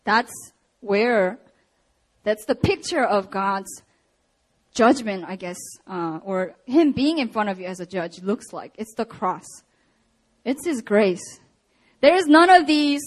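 A young woman preaching a sermon and telling a personal story, animated with laughs and acted-out quotes. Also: sits high, unhurried.

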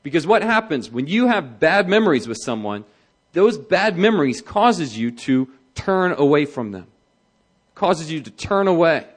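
A man's voice: fairly high pitch, very animated, normal speed. A man preaching a sermon as a pastor, talking in a conversational way and acting out the voices he quotes. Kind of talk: sermon on marriage.

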